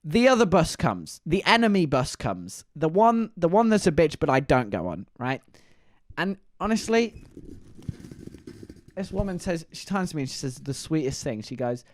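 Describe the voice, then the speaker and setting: A man's voice: fairly high pitch, very animated, normal speed, dry recording, studio quality. A young man telling a rambling, chatty story to his viewers. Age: young adult. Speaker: vlogger.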